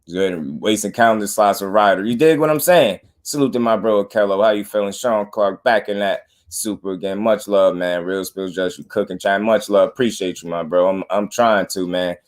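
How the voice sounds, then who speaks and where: A man hosting a live boxing talk stream, speaking in an animated, slangy, repetitive way to his chat. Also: fairly low pitch, moderate pace, hardly any pauses. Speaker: boxing talk show host.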